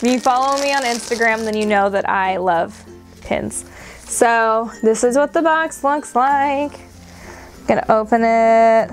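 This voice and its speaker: A high-pitched woman gushes through a casual unboxing, gasping and squealing over each item. Her voice sits well above the usual range. Soft music plays faintly underneath. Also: unhurried. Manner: gushing, excitable, frequent gasps and squeals. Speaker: unboxing vlogger.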